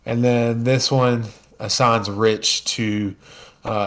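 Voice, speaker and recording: A man narrating as game master, casual and full of fillers, slipping into quick character lines. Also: mid-range voice, fairly even intonation, fairly bright tone.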